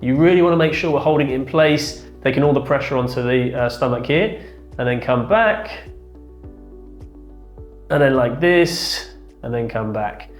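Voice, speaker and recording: A male chiropractor walks through back exercises, explaining and demonstrating them beside a firm bed in his treatment room. He speaks at a normal speed in an animated, medium-pitched voice, while faint music plays in the echoey space.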